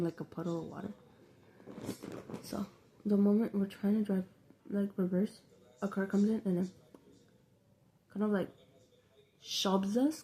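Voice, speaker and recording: A woman's voice: mid-range voice, mellow. A young woman telling a rambling, slangy, profane story in a casual vlog. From New York City. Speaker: vlogger.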